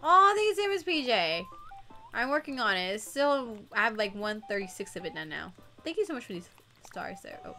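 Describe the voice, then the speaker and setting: A woman's voice: on the high side, sing-song, a little fast, pushed and bright. A young woman co-hosting a gaming livestream, chatting casually and giggling as she greets viewers by name. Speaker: livestream co-host. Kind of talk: casual gaming stream chat.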